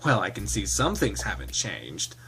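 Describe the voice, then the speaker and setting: A man's voice: fairly low pitch, wildly swooping pitch, normal speed, vocal fry, pushed and bright, soft background music, voice pushed down, full character voice. A man voicing a prim, preachy young male lynx in a game, talking in a chirpy, scolding way. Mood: smug.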